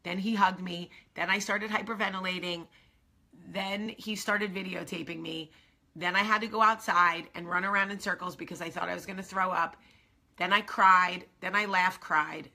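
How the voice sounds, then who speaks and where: A middle-aged woman hosting her own vlog, telling a story in an excited, rambling way with many asides. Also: on the low side, breathy edge. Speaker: vlog host. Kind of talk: casual chat to camera.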